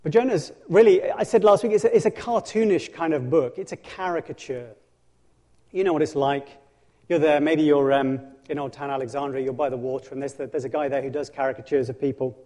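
A man preaching with animated storytelling, his voice sitting slightly high. He acts out scripture, stumbles and restarts often, and shifts between soft asides and loud bursts. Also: brisk. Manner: frequent restarts and self-corrections. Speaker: pastor. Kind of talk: sermon.

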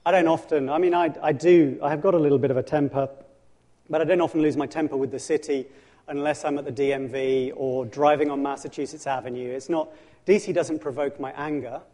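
A man preaching a sermon in animated storytelling, dramatizing scripture with frequent restarts. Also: on the high side, brisk. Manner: frequent restarts and self-corrections. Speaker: pastor.

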